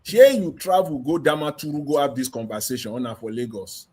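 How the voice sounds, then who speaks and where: A man's voice: mid-range voice, a little fast, over a noisy crowd. A man with a Nigerian Pidgin accent on a discussion panel, teasing and asking pointed questions. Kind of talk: heated group discussion.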